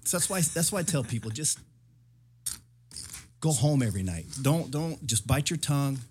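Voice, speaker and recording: A man's voice: medium pitch, expressive, normal speed, a little mellow, a little hiss or hum. Earnest middle-aged man giving advice. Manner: earnest, repetitive, advising. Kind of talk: casual talk, giving advice.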